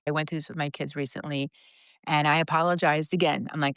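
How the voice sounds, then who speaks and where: Low-voiced earnest woman in her fifties. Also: fast talker, clear, resonant tone, dry recording. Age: 50s. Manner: earnest, confessional, animated retelling. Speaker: podcast guest. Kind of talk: candid personal storytelling.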